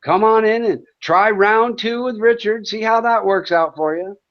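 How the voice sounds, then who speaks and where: A man's voice: high voice, normal speed. A man hosting a livestream, ranting at chat trolls in a profane, taunting, sarcastic way. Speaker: livestream host. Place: home in Thailand. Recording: dull lo-fi stream audio.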